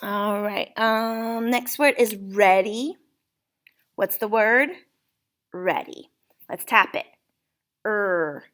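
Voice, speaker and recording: A woman leads a spelling lesson at a very slow, deliberate pace. She patiently sounds out each word letter by letter for a young learner. Her pitch sits at an ordinary middle level. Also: fairly even intonation, a bit bright. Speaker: teacher.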